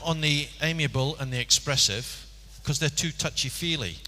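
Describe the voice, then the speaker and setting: A man's voice: fairly high pitch, normal speed, sharp tone. A man playing a fussy, detail-obsessed office worker in a stage role-play, dry and superior. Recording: audible background noise.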